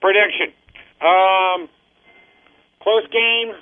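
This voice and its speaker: A man's voice: high-pitched, steady tone, very slow, no room sound. Older male caller, enthusiastic fan, phone-line sound. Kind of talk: call-in sports chat.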